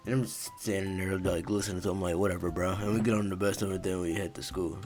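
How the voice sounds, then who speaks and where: A man's voice: sits low, steady tone, fast talker, darkish tone, faint music behind. A young man narrating a casual story in a laid-back, profane way, full of fillers.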